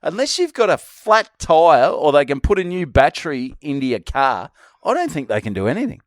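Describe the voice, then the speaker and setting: A man's voice: fairly high pitch, very animated, normal speed, no echo, clean studio sound. An Australian man co-hosting a podcast, telling a long rambling story in casual banter and swearing freely. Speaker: podcast co-host.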